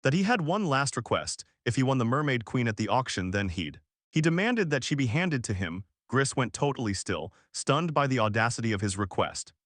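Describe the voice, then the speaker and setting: A man's voice: medium pitch, very animated, fairly quick, fairly bright tone, no echo, clean studio sound. A man narrating a story recap in a casual, punchy, slangy way, sometimes restarting a word.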